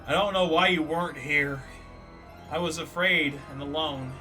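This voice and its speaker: A man's voice: a little high, normal speed, sharp tone, soft background music. A man casually commentating a game on a live stream, joking and teasing a viewer.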